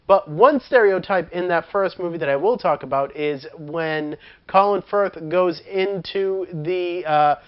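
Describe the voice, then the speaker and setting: Chatty movie reviewer, dull lo-fi sound. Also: medium pitch. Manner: chatty, laughs often, many fillers. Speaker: film reviewer.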